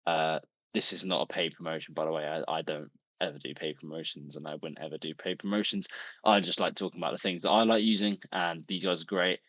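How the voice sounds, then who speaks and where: A man's voice: deep voice, steady tone, fast, a bit bright, no room sound. A young man, talking casually to camera in a rambling, chatty vlog, full of restarts and the odd swear. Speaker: vlogger.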